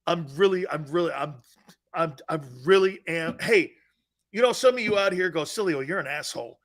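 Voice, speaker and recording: A middle-aged man hosting a sports talk show, telling self-mocking stories in a lively, animated way. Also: high-pitched, normal speed.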